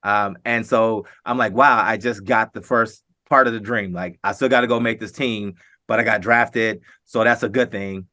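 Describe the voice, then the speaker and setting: Bright-voiced man telling a lively story. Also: fairly low pitch, normal speed, no echo, clean studio sound. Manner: animated anecdote-telling, acting out quotes with laughs. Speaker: guest, former pro football player. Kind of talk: storytelling in a casual interview.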